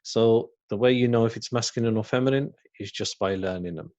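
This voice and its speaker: A man teaching a beginners' Arabic class, slowly and patiently, saying each word again and then translating it. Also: mid-range voice, darkish tone, highs cut off. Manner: slow and patient, repeats words and translates them. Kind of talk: recorded language lesson.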